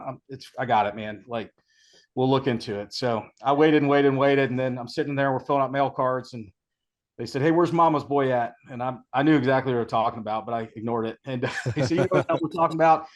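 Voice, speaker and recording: A middle-aged man, a retired army sergeant major, telling service stories in a relaxed chat, acting out the sergeants he quotes. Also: mid-range voice. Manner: relaxed storytelling, acts out quoted sergeants, laughs. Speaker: podcast guest, retired Ranger sergeant major. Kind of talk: casual storytelling.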